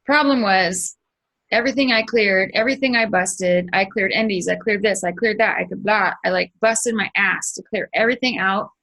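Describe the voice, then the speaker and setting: A middle-aged woman tells a spiritual story in a casual, animated way. She swears freely and acts scenes out with sound effects. Her voice is gravelly, at a medium pitch. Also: normal speed, low-quality recording. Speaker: spiritual channel host.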